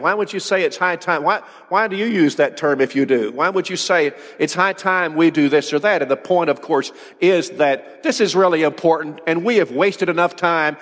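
A man's voice: fairly high pitch, fairly bright tone, big-room sound. A man preaching a sermon, emphatic, firing off rhetorical questions and repeating his words as he drives a point home.

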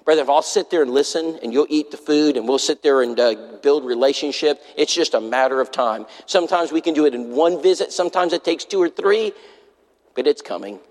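A man preaching a sermon in a church, telling a story in an animated way and acting out the people he quotes. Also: on the high side, fairly quick. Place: church sanctuary. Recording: long hall reverb in a church.

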